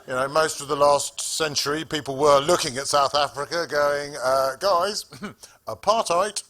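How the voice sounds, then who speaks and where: A man's voice: a little high, flat delivery, moderate pace, a bit bright. A man doing a stand-up comedy set on a club stage, telling stories in a wry, sardonic way with plenty of swearing.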